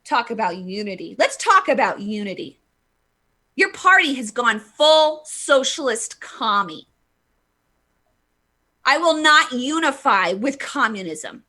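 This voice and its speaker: Hosting a live vlog, a woman delivers an impassioned political rant, heated and emphatic, stumbling into restarts as she reads viewer comments. Her voice is fairly high, sing-song, and sharp, and she speaks slowly.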